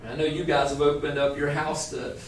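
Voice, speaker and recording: A man teaching a small church group in a relaxed, conversational sermon, joking about himself now and then. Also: a little high, brisk, background noise. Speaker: pastor teaching a church class. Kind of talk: informal sermon. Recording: echoey room, voice from far off.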